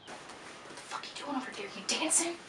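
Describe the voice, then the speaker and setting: An actress playing a domineering woman who swears and shouts orders. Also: sits high, lively intonation, a little fast. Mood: bossy. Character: foul-mouthed bossy woman barking orders. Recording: roomy sound from a distance, faint noise.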